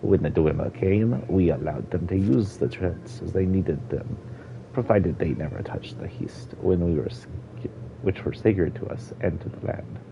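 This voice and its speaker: Over a noisy background of dull lo-fi stream audio, a man speaks slowly and quietly as a sad old Argonian woman elder. His put-on Jamaican-style accent comes through in a low-pitched, gravelly voice, and the mood is solemn.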